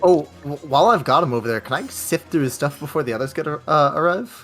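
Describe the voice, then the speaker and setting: A man's voice: on the high side, animated, fast talker, fairly bright tone, soft background music. A man playing a tabletop game, asking curious questions about the loot he finds. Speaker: player. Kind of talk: casual tabletop play.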